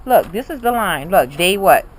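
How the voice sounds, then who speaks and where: A woman sits at home guiding a child through a booklet, prompting him word by word and asking questions. Her voice moves up and down with animation at an everyday pitch. A faint hiss sits under the recording. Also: lively intonation, normal speed. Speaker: parent coaching a child's reading. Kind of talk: home reading session.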